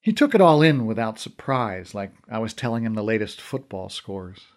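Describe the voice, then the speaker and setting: Man, audiobook narrator, wry, conversational, animated pitch. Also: moderate pace. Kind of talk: scripted first-person narration.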